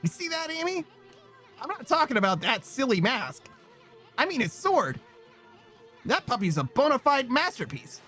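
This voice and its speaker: A man voicing a tiny, bossy, chatty male sidekick in a game, reading his lines in a high, brash voice. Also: very animated, moderate pace, long pauses, pushed and bright, soft background music, full character voice. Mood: cocky.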